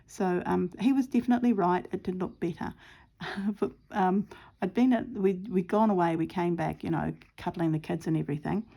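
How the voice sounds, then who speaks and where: A woman's voice: lowish voice, normal speed, vocal fry, warm tone. A middle-aged woman chatting casually at home while stitching, telling a rambling story with lots of ums. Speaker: craft vlogger.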